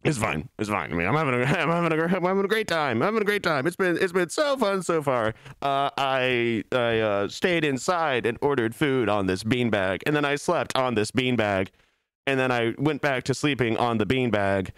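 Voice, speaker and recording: A man's voice: medium pitch, expressive, normal speed, fairly bright tone, clean tone, dry recording, clean studio sound. A male streamer doing a mock-melancholy, self-pitying comic bit in casual stream chat, breaking into laughs, speaking from his office. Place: office, sitting on a beanbag.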